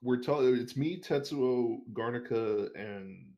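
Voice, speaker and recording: A man's voice: mid-range voice, slow, highs cut off. A young man telling a long story as an interview guest, casual and full of swearing, laughing as he goes. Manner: profane, rambling, laughs while telling.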